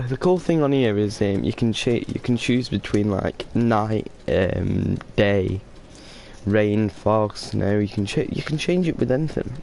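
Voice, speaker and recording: A man's voice: fairly low pitch, animated, a little slow, vocal fry, a little mellow, slight background noise. A man giving casual, rambling commentary while playing a game, drowsy and yawning now and then. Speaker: gameplay streamer.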